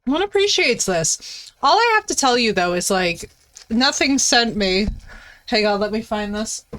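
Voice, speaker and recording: Telling a story in a casual stream chat, this woman is animated, swears, laughs a lot and lets her voice leap around. Her pitch is on the high side, and she keeps a measured pace.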